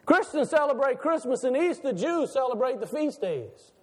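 A male pastor preaching a sermon with animated rhetorical questions and laughter between lines. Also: very high voice, moderate pace. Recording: long hall reverb.

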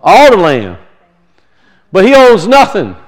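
Man, preacher, high voice, sermon, rhetorical questions, repeats for emphasis. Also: wildly swooping pitch, slow, low-quality recording.

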